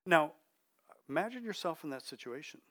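A middle-aged man preaching a conversational sermon, chatty and checking in with his listeners, dropping his voice softly for emphasis. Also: on the high side, animated, moderate pace.

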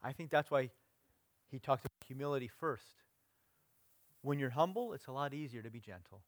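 A middle-aged male pastor preaching in a conversational way, letting phrases trail off softly and sometimes rising into loud, mock-stern lecturing. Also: medium pitch, normal speed, no room sound. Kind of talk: sermon.

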